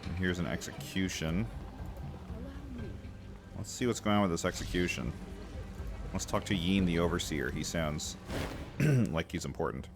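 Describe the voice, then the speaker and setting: A man's voice: low-pitched, a little slow, pauses often, over music. A man giving wry, sardonic commentary while streaming a game. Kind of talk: let's-play commentary.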